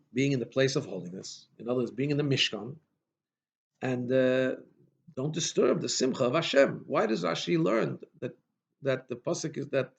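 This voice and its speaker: Rabbi guy teaching a torah class, gravelly voice, kinda muffled lo-fi recording. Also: medium pitch. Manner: questioning, emphatic, frequent restarts and Hebrew terms.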